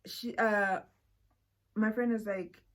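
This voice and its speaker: A young woman with a South African accent telling a personal story in a casual, animated way, sometimes dropping to a whisper. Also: medium pitch, slow pace. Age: young adult. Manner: animated, drops to a whisper for asides. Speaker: vlogger.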